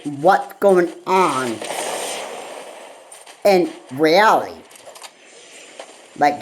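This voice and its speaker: A woman vlogger in a rambling solo rant, halting and repetitive, with frequent pauses and fillers. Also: low-pitched, slight background noise, low-quality recording.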